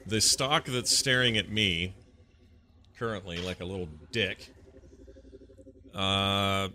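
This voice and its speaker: Deep-voiced, bright-toned joking man. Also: steady tone, takes it slowly, slight background noise. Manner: joking, wry. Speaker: player. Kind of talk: casual chat during a tabletop game.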